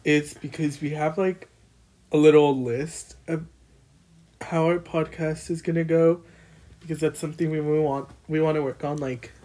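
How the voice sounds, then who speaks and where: A woman's voice: sits low, fairly even intonation, moderate pace, dark tone. A young woman in her twenties co-hosting a casual podcast, blunt and full of fillers, recorded on a built-in laptop mic. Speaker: podcast co-host. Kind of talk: casual chat.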